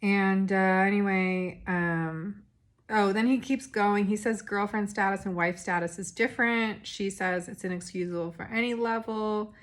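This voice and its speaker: A woman's voice: mid-range voice, fairly even intonation, measured pace. A young woman recapping a reality dating show in a rambling, casual monologue full of fillers and restarts. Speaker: recap podcast host.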